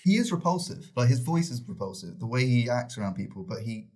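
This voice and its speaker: A man's voice: medium pitch, very animated, brisk, a little mellow. A man co-hosting a podcast, talking eagerly in casual chat and often restarting sentences. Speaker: podcast co-host. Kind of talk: casual film review chat.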